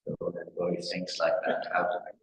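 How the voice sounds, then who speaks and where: Low-voiced English man, spiritual teacher, discursive devotional talk; echoey hall recording. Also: monotone, brisk. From England. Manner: rambling storytelling with repeated phrases. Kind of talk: devotional discourse. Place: temple hall. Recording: echoey hall with faint noise.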